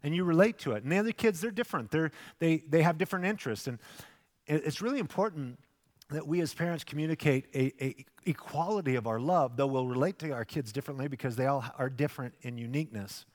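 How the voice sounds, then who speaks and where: Animated preaching man in an echoing hall. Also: on the high side, fast talker. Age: 50s. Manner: animated preaching with acted asides, swings from loud to hushed. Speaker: pastor. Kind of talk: sermon. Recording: long hall reverb.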